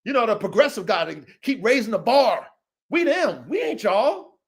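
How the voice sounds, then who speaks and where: A man's voice: sing-song, moderate pace. Fired-up profane man ranting on a stream. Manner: confrontational, profane, repeats "OG" often; swings between low mutter and raised shouting. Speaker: podcast host and dog breeder. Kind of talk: heated livestream rant. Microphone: livestream mic.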